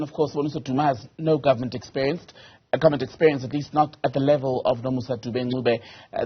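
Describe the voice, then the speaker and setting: News anchor with a husky voice. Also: male voice, mid-range voice, muffled recording. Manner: direct, pointed questions. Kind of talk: live news interview.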